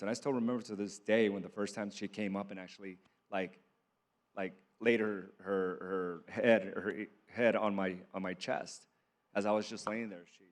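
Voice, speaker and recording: Male panelist, lower pitch, thoughtful and halting delivery. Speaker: panel speaker. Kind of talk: reflective panel talk.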